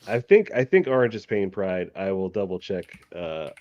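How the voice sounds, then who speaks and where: A man's voice: low-pitched, moderate pace, a little mellow, muffled recording. A man narrating as game master of a tabletop game, hesitant with many ums and uhs.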